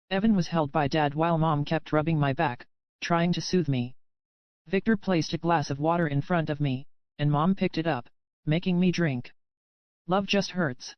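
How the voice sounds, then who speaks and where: A man with a fairly high, smooth voice reads a first-person romance story aloud at an even, measured pace. The sound is dull and muffled, with no room around it. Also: no echo. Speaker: audiobook narrator. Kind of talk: scripted first-person narration.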